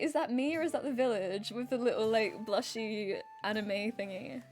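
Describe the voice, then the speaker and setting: Chatty, giggly woman streamer, somewhat high voice, lots of fillers. Faint game music behind. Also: moderate pace, few pauses, a little mellow. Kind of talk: casual game livestream chat.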